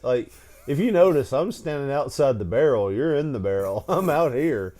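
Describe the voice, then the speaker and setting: A man's voice: mid-range voice, lively intonation, normal speed, mellow. Tired, laughing man telling stories. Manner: laughs often, stammering, tired. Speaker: podcast co-host. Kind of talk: casual storytelling chat.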